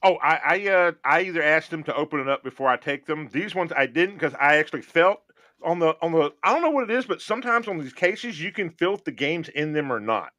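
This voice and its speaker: A man's voice: fairly high pitch, expressive, fairly quick, pushed and bright, dry recording, studio quality. A man hosting a casual gaming podcast, joking and rambling as he thinks aloud. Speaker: podcast host.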